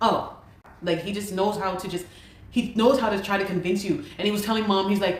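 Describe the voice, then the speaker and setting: A woman's voice: medium pitch, fast, echoey room. A woman telling a personal story in an interview, acting out what others said and breaking into exasperated outbursts. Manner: animated, quotes others in dialogue, rising to exasperated outbursts.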